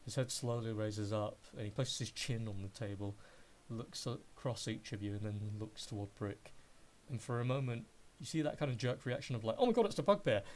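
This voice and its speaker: A man's voice: lowish voice, fairly even intonation, moderate pace, a little mellow, a little hiss or hum. A man running a tabletop game as game master, describing scenes in a hesitant, filler-laden way.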